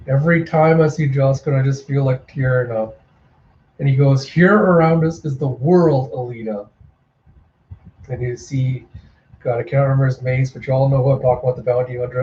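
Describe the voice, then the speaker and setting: A man hosting a casual manga readthrough, with emotional, excitable asides, in a roomy home recording. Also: medium pitch, fairly quick, highs cut off, a little hiss or hum. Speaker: comic readthrough host.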